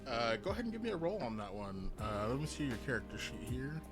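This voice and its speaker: Rambling game master over music. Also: male voice, medium pitch, big pitch swings, fast. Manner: rambling, lots of uh fillers and restarts. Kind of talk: narrating a tabletop game.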